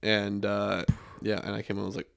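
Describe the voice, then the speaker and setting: A young man hosting a casual podcast, telling stories in a relaxed way with lots of fillers and restarts. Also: fairly low pitch, normal speed, creaky.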